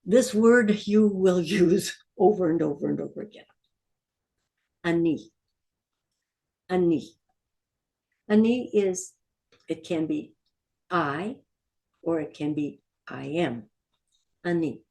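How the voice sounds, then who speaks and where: A woman's voice: fairly low pitch, a little slow, creaky, a little mellow. A woman teaching a beginner Hebrew lesson, patiently repeating each word for learners to say back. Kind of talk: language lesson.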